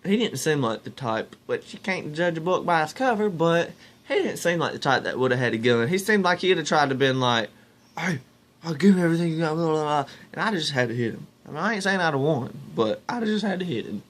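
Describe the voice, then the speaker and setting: Rambling young man, fairly high. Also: sing-song, brisk, fairly bright tone. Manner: rambling, restarts, talks to viewers as "y'all". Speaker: vlogger. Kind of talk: casual storytelling to camera.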